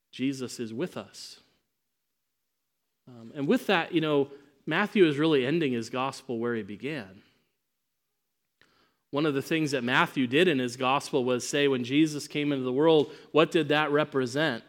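A man preaching a sermon, emphatic, swinging between loud proclamation and quiet asides. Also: mid-range voice.

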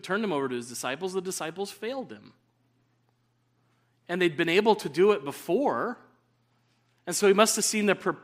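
A man's voice: fairly high pitch, a bit bright. Earnest male preacher. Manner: earnest, rising to emphatic stresses. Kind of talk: sermon.

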